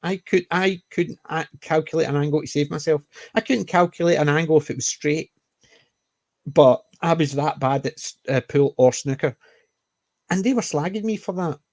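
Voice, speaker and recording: A man's voice: a little high, normal speed, darkish tone, dry recording. A Scottish man chatting casually, explaining at length with frequent restarts and self-corrections. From Scotland. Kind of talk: casual chat.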